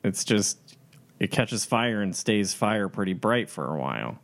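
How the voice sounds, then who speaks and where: A man's voice: lowish voice, expressive, measured pace, creaky. A man, a player in a tabletop game role-play, speaking in a wry, blunt way.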